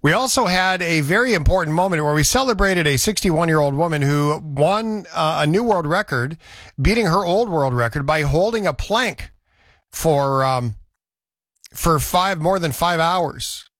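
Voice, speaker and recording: A man's voice: a little high, animated, moderate pace, a bit bright, dry recording, clean studio sound. A man hosting a radio talk show, chatting casually and teasing his co-worker.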